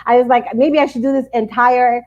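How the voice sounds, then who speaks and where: A bubbly, enthusiastic woman hosts a live online chat in a fairly high voice. The sound is dull and lo-fi, like a video call. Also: level tone, brisk, a little hiss or hum. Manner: bubbly, enthusiastic, laughs often. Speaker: host. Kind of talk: casual live online interview.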